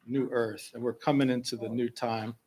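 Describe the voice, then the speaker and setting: A man leading a service, telling a personal story and introducing a song in a slow, gentle way with pauses. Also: medium pitch, level tone, husky. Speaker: singer-songwriter leading a service. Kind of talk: spoken reflection and song introduction. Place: fellowship hall.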